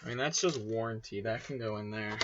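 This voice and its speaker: A man's voice: lowish voice, brisk, fairly bright tone, highs cut off, slight background noise. A young man rambling casually and swearing as he unboxes and sets up a microphone at home. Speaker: video creator. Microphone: desk microphone being set up.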